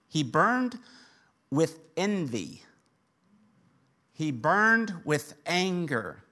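A man preaching a sermon, animated, acting out the characters' voices. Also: on the high side. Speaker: pastor.

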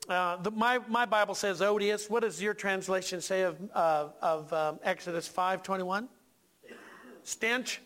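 A male pastor preaching a sermon in a church, folksy and animated, talking to the congregation with asides and questions. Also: high voice, a little slow.

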